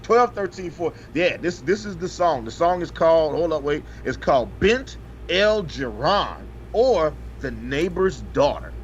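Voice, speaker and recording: A man co-hosts a loose podcast, reading an article with cursing and jokey side comments. His voice sits a little high and swoops around a lot. The audio is slightly dull, with faint noise under it. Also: measured pace, hardly any pauses. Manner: animated, profane, joking asides while reading. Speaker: podcast co-host. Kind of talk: casual chat, reading news aloud.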